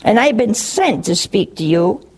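A woman voicing a stern, commanding male angel in a slow, solemn, emphatic way. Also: medium pitch, lively intonation, vocal fry, a little mellow, slight background noise.

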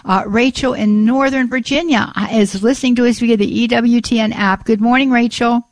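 A woman's voice: on the high side, steady tone, moderate pace, no echo. A woman hosting a call-in radio show, praying aloud in an earnest, repetitive way with frequent restarts. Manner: earnest, repeats "Father God", frequent restarts. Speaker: radio host. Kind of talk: spoken prayer and call-in radio chat.

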